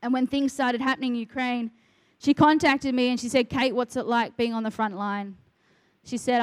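A woman's voice: a little high, no echo. A middle-aged woman, a ministry worker, telling a faith testimony in earnest conversation and quoting the people she talks about. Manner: earnest storytelling, quotes others.

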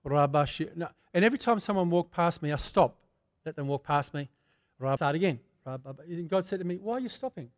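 An older man preaching a sermon, moving from prayer into a personal testimony told in a fervent, conversational way that swells to loud bursts. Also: fairly high pitch, lively intonation, fairly quick, few pauses. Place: church.

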